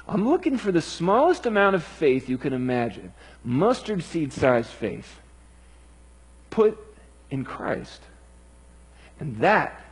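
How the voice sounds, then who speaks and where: Man doing Jesus as a frustrated teacher, pleading, high voice, husky, swinging pitch. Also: exaggerated voice. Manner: pleading, rhetorical questions. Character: Jesus, a patient yet frustrated male teacher.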